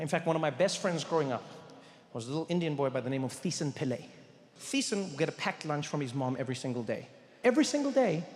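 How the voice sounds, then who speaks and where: A man from South Africa telling a stand-up story in an animated, playful way, stretching out his punchlines. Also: fairly high pitch. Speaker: stand-up comedian. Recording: echoey hall, faint audience ambience.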